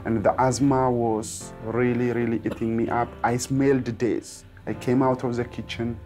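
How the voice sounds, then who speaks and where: Earnest man, flat steady voice. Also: medium pitch, moderate pace, faint music behind. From Ethiopia. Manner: earnest, strings clauses with "and then". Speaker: testimony speaker. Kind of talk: personal testimony.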